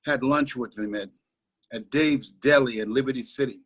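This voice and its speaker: A man giving a guest interview as a motivational speaker, telling stories dramatically, with loud emphatic repeats that sink to a hushed hush, heard over a video call. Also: mid-range voice, moderate pace, husky. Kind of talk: emotional motivational storytelling.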